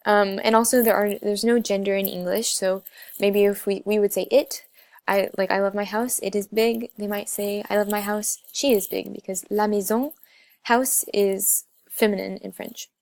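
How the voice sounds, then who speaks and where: Gravelly young woman presenting slides. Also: medium pitch, fairly even intonation, normal speed, a little mellow, no room sound. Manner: explanatory, many um fillers. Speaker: student presenter.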